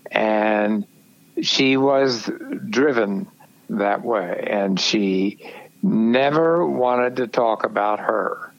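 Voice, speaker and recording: An older man, an actor guest, talking in a halting way and searching for his words in a casual interview. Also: fairly low pitch, gravelly. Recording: dull lo-fi audio.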